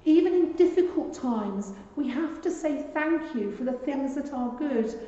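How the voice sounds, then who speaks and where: Soft-spoken woman in an echoey church. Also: high-pitched, expressive, unhurried. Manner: soft-spoken, full of tag questions. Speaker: church children's session leader. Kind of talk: gentle church family-session chat. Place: large church building. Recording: echoey church with long reverb, dull sound.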